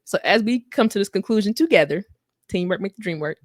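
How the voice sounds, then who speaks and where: Animated woman on a podcast, acts out quotes, dry close sound. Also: fast, dry recording. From United States. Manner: animated, slangy, acts out quotes with big pitch jumps. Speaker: podcast co-host. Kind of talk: casual storytelling chat.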